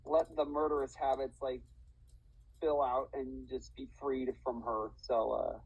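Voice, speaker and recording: Rambling husky-voiced young man. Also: medium pitch, flat delivery, a little slow, dry recording, muffled recording. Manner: rambling, full of fillers and restarts. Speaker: lawyer in a mock trial. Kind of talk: casual role-play over voice chat. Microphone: voice chat mic.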